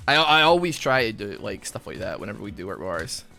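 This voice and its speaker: A man's voice: fairly low pitch, fast talker, vocal fry, soft background music. A man, a gaming YouTuber, chatting casually over gameplay, rambling through a story with lots of fillers. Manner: animated, bursts of laughter.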